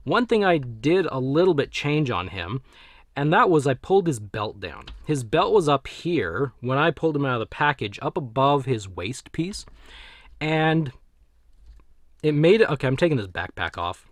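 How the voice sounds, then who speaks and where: A man's voice: medium pitch, big pitch swings, moderate pace, dry recording, studio quality. A man giving a casual, rambling action figure review, often correcting himself as he talks into his desk camera. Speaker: toy reviewer.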